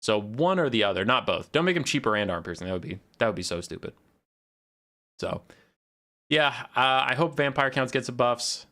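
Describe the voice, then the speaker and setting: A man's voice: mid-range voice, lively intonation, brisk, pushed and bright. A young man casting a strategy game on a live stream, talking in a loose, rambling, sarcastic way. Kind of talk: casual live stream commentary.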